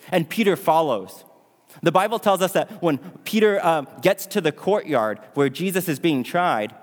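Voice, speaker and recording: Male pastor, storytelling sermon, poses questions to the audience, slightly high pitch, big echoing hall. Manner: dramatic, asks the audience questions. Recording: long hall reverb.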